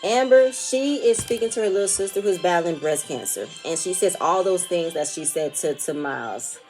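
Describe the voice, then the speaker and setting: A woman with a somewhat low voice talks casually about what she watched, circling back and restarting her sentences. She is emphatic and opinionated. Faint music plays quietly behind her. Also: animated, moderate pace. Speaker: reality TV recap vlogger. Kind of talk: casual spoken commentary.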